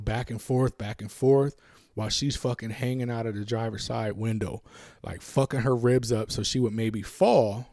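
A man's voice: medium pitch, no echo, studio quality. A man casually retelling a tense story full of profanity, acting out his own lines as he goes. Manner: profane, animated retelling with acted-out dialogue.

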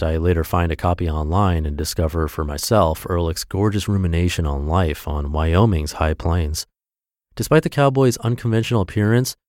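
A man hosting a podcast, reading essays aloud in a measured, expressive narration. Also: low-pitched, no room sound, clean studio sound. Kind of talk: scripted narration.

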